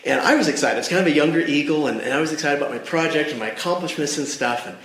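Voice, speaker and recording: A man's voice: fairly high pitch, animated, rapid-fire, a bit bright. A man giving a church devotional talk. He tells a personal story earnestly and speaks straight to his listeners. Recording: echoey room.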